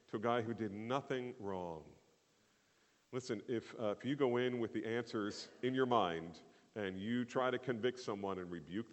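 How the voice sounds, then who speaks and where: A man's voice: lowish voice, big-room sound. A middle-aged male pastor preaching a sermon in a conversational way, with fillers and repeated phrases.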